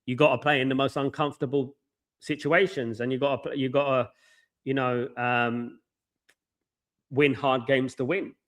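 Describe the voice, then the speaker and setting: A man's voice: mid-range voice, level tone, moderate pace, pauses often, fairly bright tone. A man hosting a live football watchalong, ranting with passion and repeating himself. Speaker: watchalong host.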